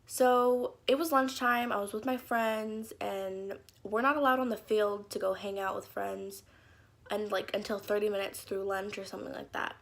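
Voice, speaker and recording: A woman's voice: medium pitch, level tone, moderate pace, vocal fry, a bit bright. A young woman telling embarrassing stories from her childhood in a casual vlog, with lots of "like" fillers and acted-out quotes. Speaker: YouTuber. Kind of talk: story time vlog.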